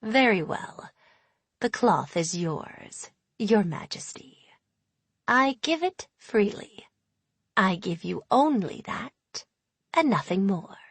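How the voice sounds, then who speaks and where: A woman's voice: mid-range voice, lively intonation, slow pace, breathy edge, no room sound, full character voice. A woman voicing an ancient, sly female hag in an audiobook, speaking in a purring, hissing whisper. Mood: cold. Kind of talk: audiobook character voice.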